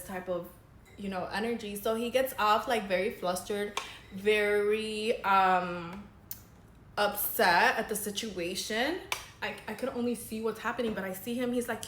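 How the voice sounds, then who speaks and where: A woman's voice: medium pitch, fairly even intonation, normal speed, fairly bright tone, reverberant, a little hiss or hum. A young woman, a makeup artist, telling a dramatic story in casual, chatty vlog style. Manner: chatty, dramatic, says girl a lot.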